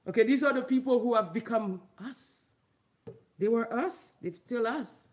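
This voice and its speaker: A woman from Haiti, a vlogger and comedian, ranting loudly and emphatically with a lot of laughter. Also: measured pace. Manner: loud, emphatic, profane, laughing, big pitch swings. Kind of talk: ranting commentary vlog.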